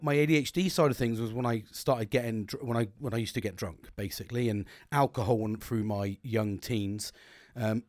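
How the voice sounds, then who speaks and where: A man's voice: medium pitch, no echo, studio quality. A young man hosting a podcast, talking bluntly and rambling, with plenty of swearing. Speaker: podcast host. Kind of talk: candid solo podcast monologue.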